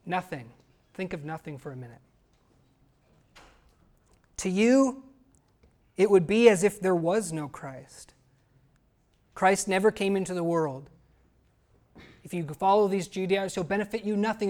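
Earnest preacher in a sermon. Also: male voice, high-pitched, unhurried, long pauses, darkish tone. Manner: earnest, emphatic, asks the congregation rhetorical questions. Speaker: pastor.

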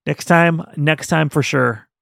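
A man's voice: fairly high pitch, slow, creaky, a bit bright, no room sound, clean studio sound. A man co-hosting a podcast, chatting animatedly and rambling about a book, laughing often. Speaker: podcast co-host. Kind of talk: casual book-review chat.

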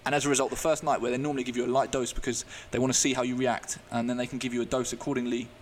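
A podcast guest tells a candid personal story in an earnest, open way. His medium-pitched voice is flat, and he speaks haltingly with frequent restarts and fillers. There's slight background noise.

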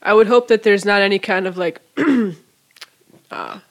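Chatty podcast interviewer, mid-pitched voice. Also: slow, fairly bright tone. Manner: chatty, asks open questions. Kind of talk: casual interview conversation.

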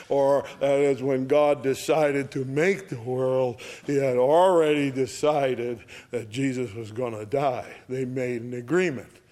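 A man's voice: medium pitch, fairly even intonation, measured pace, few pauses, a little mellow. A man preaching a Bible teaching sermon, retelling scenes vividly and earnestly, often asking his listeners rhetorical questions.

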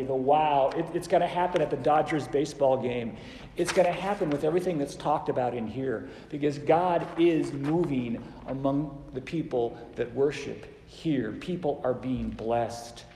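A man's voice: mid-range voice, mellow, a little hiss or hum. A man preaching a sermon in a church, earnest and conversational, sharing anecdotes. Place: church sanctuary. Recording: echoey church hall with long reverb.

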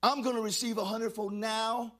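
A middle-aged man preaching a lively sermon, calling on the congregation to respond and shouting praises. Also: high voice, fairly quick. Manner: exuberant, call-and-response preaching. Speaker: pastor.

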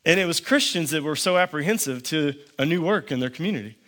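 A man's voice: on the high side, animated, fast, fairly bright tone. A middle-aged man, a pastor, preaching a sermon with dry, understated humor and storytelling. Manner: dry storytelling with quoted back-and-forth.

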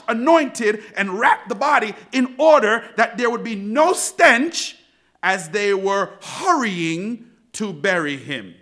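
Pastor, male, high bright voice, lively swooping sermon delivery. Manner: preaching that swells to shouted emphasis.

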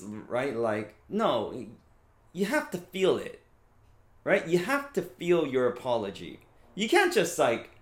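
A man in his thirties delivers a sermon in an easy, conversational manner, checking in with his listeners as he goes. His voice sits at an average pitch. The room around him sounds noticeably echoey. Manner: conversational, frequent "right?" and fillers. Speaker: pastor.

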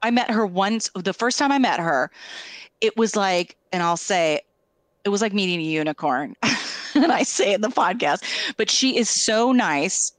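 A woman's voice: medium pitch, animated, moderate pace, no room sound. A woman hosting a podcast in casual chat, gushing and enthusiastic, rambling and restarting her sentences as she talks. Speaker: podcast host.

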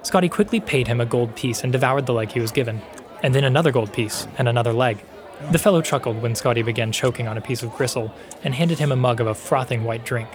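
A man narrating a fantasy story in a steady, measured storytelling voice. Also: mid-range voice, a faint crowd. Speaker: podcast narrator. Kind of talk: scripted audiobook narration.

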